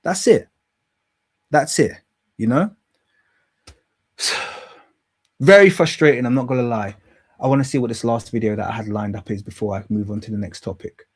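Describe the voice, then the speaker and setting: A man's voice: lowish voice, brisk, darkish tone, slightly rough. A man hosting his own commentary show, delivering a heated solo rant that swears freely and hammers points home by repeating them. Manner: heated, ranting, swears, repeats himself for emphasis. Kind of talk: solo opinion monologue.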